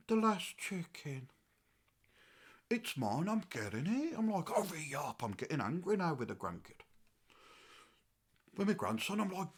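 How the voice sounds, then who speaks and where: A man's voice: high voice, fairly bright tone, exaggerated voice. A man playing a rambling, easily riled old English grandfather in a comic monologue, in an English accent. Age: older. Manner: rambling and aggrieved, swinging between mutters and outbursts.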